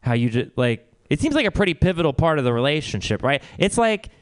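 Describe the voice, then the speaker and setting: A man doing stand-up at a live comedy venue. His voice is mid-pitched and very smooth. He rambles and mocks himself. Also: very animated, fast. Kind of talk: stand-up set.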